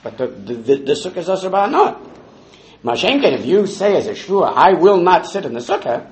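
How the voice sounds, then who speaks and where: A man's voice: fairly high pitch, big pitch swings, brisk, darkish tone, echoey room, poor audio. A man leading a Talmud study class, explaining the text step by step and quoting Hebrew and Aramaic phrases. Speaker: Talmud teacher.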